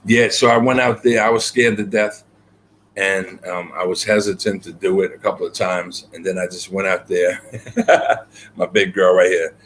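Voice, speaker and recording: A man's voice: deep voice, level tone, moderate pace, a bit bright, a little hiss or hum. A man being interviewed as a guest poet, telling his story earnestly and reflectively, with many fillers and repeated words.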